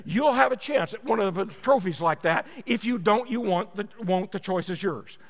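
A man voicing a seasoned male professional hunter who gives calm, firm instructions. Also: high voice, normal speed, long reverb tail.

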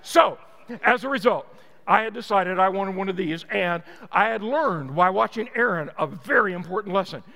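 A man's voice: high-pitched, fairly quick, vocal fry, pushed and bright, long reverb tail. A man preaching a sermon, telling a story with emphatic energy.

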